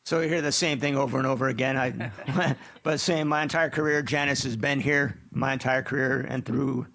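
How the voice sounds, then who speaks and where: A man's voice: mid-range voice, steady tone, normal speed, fairly bright tone. A man who leads a city department, giving a sincere, plain-spoken tribute at a city council meeting.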